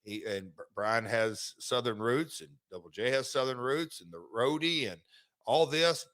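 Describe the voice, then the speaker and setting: A middle-aged man hosting a podcast, chatting casually and telling stories about his past in a relaxed, rambling way. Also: medium pitch, normal speed. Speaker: podcast host, former wrestler. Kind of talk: casual chat and read sponsor ad.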